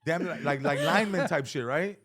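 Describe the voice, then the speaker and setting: A man's voice: a little high, brisk, husky. A male comedian telling stories in casual podcast chat, acting out the quotes with lots of swearing. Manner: animated storyteller who acts out quotes, swears freely. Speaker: comedian guest.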